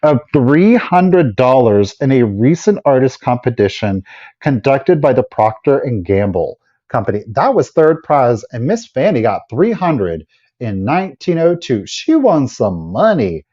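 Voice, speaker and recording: A man's voice: medium pitch, big pitch swings, unhurried, dark tone, highs cut off. A man hosting a live vintage sale, chatting enthusiastically as he shows items and runs the bidding. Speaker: live auction seller.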